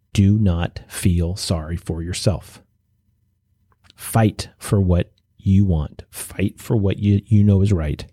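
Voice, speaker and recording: Male podcast host, low husky voice, earnest and exhorting, dry close-mic sound. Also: warm tone, no echo. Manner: earnest, exhorting, with restarts and pauses. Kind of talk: motivational monologue.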